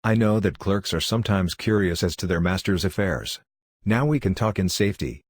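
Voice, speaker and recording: A man's voice: low-pitched, expressive, moderate pace, breathy edge, dry recording, clean studio sound. A man voicing a secretive, thin middle-aged colonel who presses hard for a promise of secrecy. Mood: insistent. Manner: insistent, probing.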